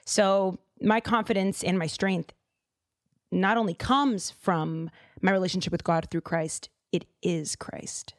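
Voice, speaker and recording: A chatty, animated woman from Boston, USA hosts a casual podcast, her voice on the low side and unhurried. She fills her talk with fillers and side remarks, and the recording is dry and close.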